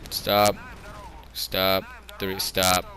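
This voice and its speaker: A young man with a bright, forceful voice sitting at his computer, rambling and joking through a strategy game. His pitch sits a little low, and he talks to himself as he gives orders. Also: monotone, drawn-out words, poor audio. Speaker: gameplay commentator. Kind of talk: casual gameplay commentary.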